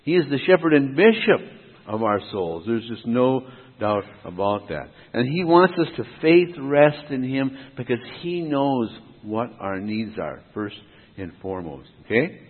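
A man's voice: mid-range voice, sing-song, measured pace. A man preaching a sermon in a rhythmic, emphatic cadence that sets one idea against another. His voice comes through thin and phone-like. A long reverb trails each phrase, as in a church hall. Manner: emphatic, rhythmic contrasts, asks and answers himself. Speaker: pastor.

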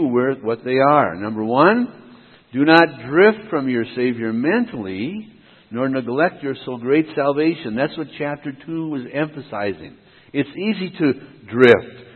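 A pastor preaching a sermon in an emphatic, rhythmic way, setting ideas against each other and answering his own questions. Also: mid-range voice. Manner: emphatic, rhythmic contrasts, asks and answers himself. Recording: tinny phone-like sound with long hall reverb.

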